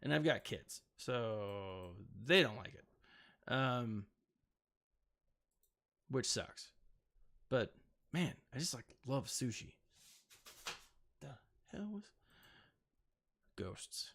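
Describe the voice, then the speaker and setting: Gravelly, slow-talking man narrating gameplay. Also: mid-range voice, animated, a bit bright. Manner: rambling, self-mocking, with playful sound effects. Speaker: gaming channel host. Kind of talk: casual gameplay commentary.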